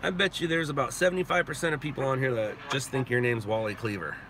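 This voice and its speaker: A man's voice: medium pitch, quick pace, a crowd in the background. A man hosting a live stream, chatting and joking in a rambling way while driving at night. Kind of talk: casual chat while driving. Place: inside a car at night. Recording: road and car noise behind.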